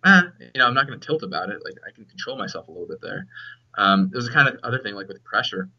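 A man's voice: lowish voice, animated, rapid-fire, bright, forceful tone, slightly rough, lo-fi sound. A young man, a game developer chatting casually as a podcast guest, joking and restarting his sentences often.

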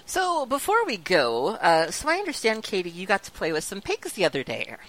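A woman's voice: mid-range voice, huge pitch swings, brisk, a bit bright, rough recording. A woman hosting a podcast, steering the conversation and checking she understands. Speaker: podcast host. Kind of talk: casual podcast chat.

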